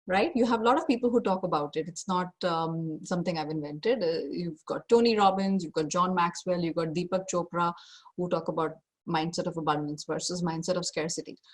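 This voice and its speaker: A woman's voice: on the low side, a little fast. A woman career coach giving an online masterclass over a video call, direct and emphatic, stressing her key points more than once.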